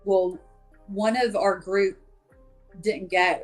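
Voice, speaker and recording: A woman guest in a podcast interview tells her story casually, circling back with fillers. Her voice sits in an ordinary middle pitch. A faint wash of music plays underneath. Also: fairly even intonation, slow. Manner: chatty, many fillers, acts out quoted voices. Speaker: paranormal investigator guest.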